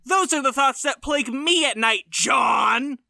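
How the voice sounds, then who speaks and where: A man co-hosting a podcast, telling animated, self-deprecating stories in casual chat. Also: extremely high pitch, a little slow, creaky, no echo. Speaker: podcast co-host.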